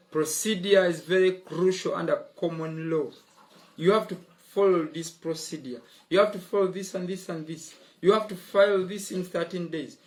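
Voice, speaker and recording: A man's voice: sits high, fairly bright tone. A man explains legal ideas in an online lesson. He is emphatic, repeating key words and filling gaps with "uh-huh" and "mm-hmm." He sounds young. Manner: emphatic, drilling points home. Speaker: law teacher.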